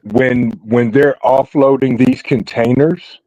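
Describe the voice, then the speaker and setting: A man's voice: medium pitch, steady tone, slow, dark tone, no room sound. A man hosting a casual group chat over an online call, laid-back and putting questions to the group. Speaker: host. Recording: dull lo-fi call audio.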